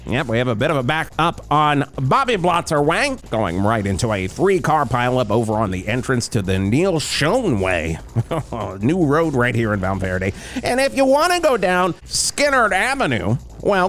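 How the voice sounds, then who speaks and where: A man voicing an excitable male radio traffic reporter who talks loudly and rambles with giggles. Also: on the high side.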